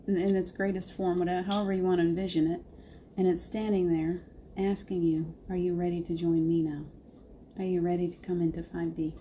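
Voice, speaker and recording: A woman's voice: lowish voice, warm tone, a little hiss or hum. A middle-aged woman hosting a heartfelt live spiritual talk, laughing often and answering viewers by name.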